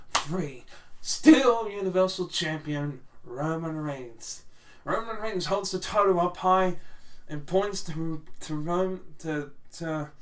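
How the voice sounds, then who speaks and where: A man's voice: on the high side, fairly bright tone, far from the mic. A man casually rambling through wrestling predictions on his channel, with restarts and swearing. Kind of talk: casual solo commentary to camera.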